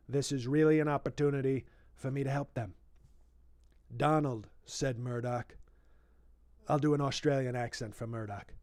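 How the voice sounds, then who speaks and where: A boastful, rambling older politician , as a man puts him on in a comic impression, reading a book aloud and stopping again and again to brag about himself. The voice sits at a middle pitch and sounds close and dry, with no room around it. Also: a little mellow, no room sound, natural voice. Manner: boastful, rambling, interrupts his own reading with asides.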